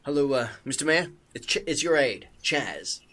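A man's voice: a little high, animated, moderate pace, a bit bright. A man doing a stammering, boastful aide. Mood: nervous. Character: nervous, self-important young male aide.

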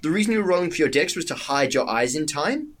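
A man narrating as game master in a tabletop game, animated and quick to laugh. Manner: animated, laughing, jumping up in pitch when excited.

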